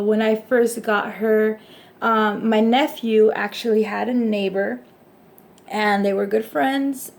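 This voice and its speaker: Chatty young woman with a creaky voice. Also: mid-range voice, darkish tone. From Hispanic background, raised in the US. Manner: chatty and rambling, laughs often, voices others in quotes. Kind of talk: casual personal vlog chat.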